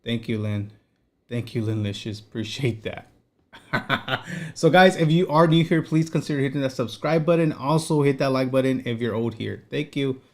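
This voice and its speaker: A man's voice: medium pitch, moderate pace. A man hosting a live stream, chatting loosely with his viewers and laughing off clips as he reacts. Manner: laid-back, chuckling asides to chat. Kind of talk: casual live-stream chat.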